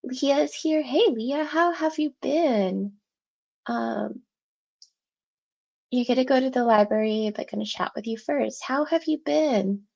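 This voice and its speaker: A woman with a high-pitched voice, vocal fry, and a darkish tone speaks at a measured pace, hosting a writing livestream from home. Congested, out of breath, and with a sore throat, she rambles through casual chat with viewers and laughs often. The sound is lo-fi.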